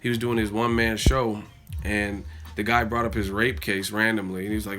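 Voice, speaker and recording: A man hosting a boxing live stream, telling stories in a loose, profane, animated way and reading out donations. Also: lowish voice, brisk, faint music behind. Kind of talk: casual livestream chat.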